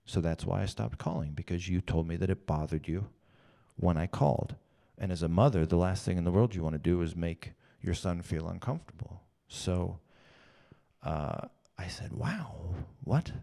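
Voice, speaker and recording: A man's voice: low voice, animated, moderate pace, gravelly, warm tone. A man in his thirties telling a personal story in a rambling, emotional way, often repeating himself.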